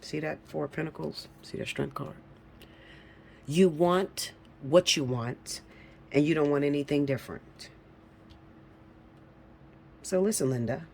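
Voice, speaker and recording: With a gravelly voice and slight background noise, a woman reads tarot cards for her viewers in a casual, blunt, profane style, teasing them and breaking into laughs. She is lively, swinging from low mutters to loud, high-pitched shouts.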